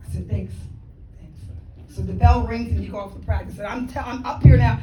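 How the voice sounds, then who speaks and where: A woman guest speaker giving a motivational talk, telling a lively story, acting out conversations and laughing often. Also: fairly high pitch, brisk, recorded from a distance, crowd noise. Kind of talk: motivational speech. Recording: echoey hall, speaker away from the mic.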